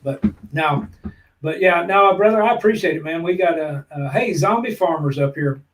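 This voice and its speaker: A man's voice: fairly high pitch, animated, normal speed, fairly bright tone, rough recording. A man, co-hosting a casual live-stream chat in a folksy, joking way. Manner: folksy, jokey, calls people brother. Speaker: prepping channel co-host.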